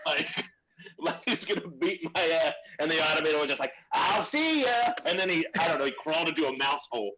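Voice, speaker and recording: A man co-hosts a comedy podcast and rambles through a funny anecdote. His voice is bright and forward, and he laughs at his own story as he goes. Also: fairly high pitch, fairly even intonation, fast talker, rough recording. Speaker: podcast co-host. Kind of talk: podcast chat.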